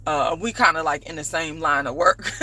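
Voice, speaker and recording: A woman telling a story to camera in a casual vlog, animated and emphatic, swearing freely. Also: low voice, moderate pace, no echo, low-quality recording. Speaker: vlogger and playwright.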